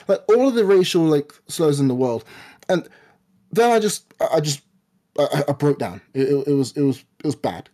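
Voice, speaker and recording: A man in his twenties co-hosting a podcast, talking casually in a halting way with frequent stammered restarts. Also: a little high, sing-song, warm tone. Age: 20s. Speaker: podcast co-host. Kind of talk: casual personal chat.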